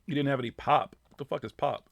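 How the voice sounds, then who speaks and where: Profane gravelly Boston man hosting. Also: mid-range voice, fast talker, no room sound. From Boston area. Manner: profane, animated, laughing often. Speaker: radio show host. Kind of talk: casual live radio chat, reading the chat.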